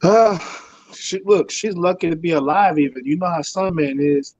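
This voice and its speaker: A man's voice: a little high, darkish tone, muffled recording. A man from Chicago calling in to a live show, chatting casually and hesitantly. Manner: hesitant, halting. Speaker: caller. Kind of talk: casual call-in chat.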